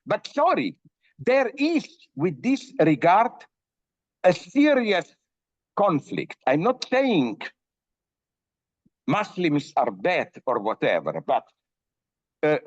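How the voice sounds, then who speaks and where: A man's voice: fairly high pitch, wildly swooping pitch, takes it slowly, long pauses, no room sound. An older man philosopher talking in an interview, emphatic and full of fillers and restarts. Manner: emphatic, many fillers and restarts, tells jokes. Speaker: philosopher guest. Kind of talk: animated interview talk. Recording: dull dry audio.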